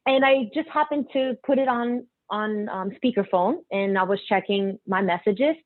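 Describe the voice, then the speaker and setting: A young woman singer telling stories in a casual interview, animated and quick to act out what others said. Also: mid-range voice, no room sound. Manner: animated, acts out quotes, laughs often. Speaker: singer and guest. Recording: tinny phone-line sound.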